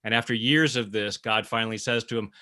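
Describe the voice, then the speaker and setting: A man's voice: lowish voice, fairly even intonation, brisk, sharp tone. A man hosting an interview, giving short affirmations, chuckling often and adding his own jokes. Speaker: host. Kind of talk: conversational interview.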